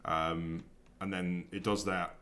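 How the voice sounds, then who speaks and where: A man's voice: low-pitched, little pitch movement, slow pace, pushed and bright. A young man chatting casually as a game streamer, rambling and thinking aloud with lots of ums. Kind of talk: casual chat while building in a video game. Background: faint keyboard clicks and typing.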